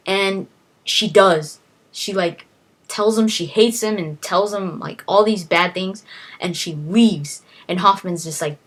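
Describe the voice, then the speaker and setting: A woman's voice: medium pitch, a little slow, fairly bright tone. A young woman casually retelling a novel's plot, rambling and quoting the characters with "he's like" as she goes. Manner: rambling, quotes characters with "he's like", frequent restarts.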